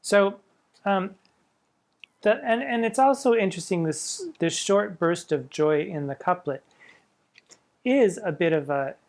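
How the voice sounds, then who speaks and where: His voice sits high and creaky, a little slow, with frequent pauses. A drag performer, he muses casually over poetry, relishing verse lines read aloud and adding self-mocking, wry remarks.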